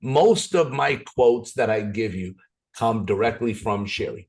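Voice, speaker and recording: A man leads a motivational business training over a video call, telling stories in a playful, energetic way and frequently restarting his sentences. His voice is on the low side, and he speaks a little slowly.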